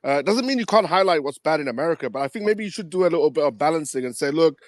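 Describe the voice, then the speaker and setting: A man's voice: fairly high pitch, expressive, very fast, dry recording. A man calling into a radio show who argues provocatively and talks over the host. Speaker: caller. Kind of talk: call-in radio talk.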